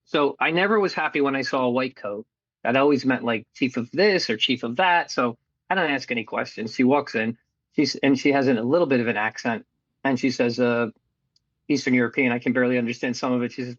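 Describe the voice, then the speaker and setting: A man's voice: mid-range voice, a little fast, no room sound, highs cut off. A middle-aged man telling his life story in a candid, casual interview, acting out what people said to him. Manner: candid, animated storyteller who acts out quoted voices and swears casually.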